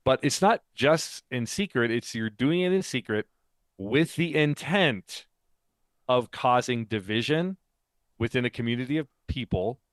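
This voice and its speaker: A man's voice: mid-range voice, lively intonation, measured pace, no room sound. A man co-hosting a faith podcast, explaining ideas in casual chat, talkative and laughing often. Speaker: podcast co-host and author.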